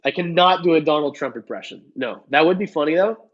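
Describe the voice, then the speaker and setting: Young man, casual livestream host, reads chat aloud, joking, slightly high voice, muffled lo-fi audio. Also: animated, fairly quick. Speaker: reptile channel host answering live chat. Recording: dull lo-fi stream audio.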